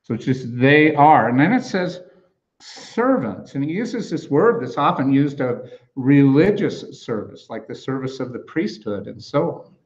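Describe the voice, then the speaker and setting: Slow, halting man preaching a sermon. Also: mid-range voice, animated, a little mellow, lo-fi sound. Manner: conversational, many fillers and restarts, explains Greek grammar. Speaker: pastor. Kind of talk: expository sermon.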